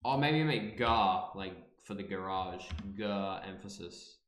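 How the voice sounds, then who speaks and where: A man's voice: low voice, unhurried, fairly bright tone, echoey room. A man streaming live and reacting casually, playful, repeating words over and over and swearing freely.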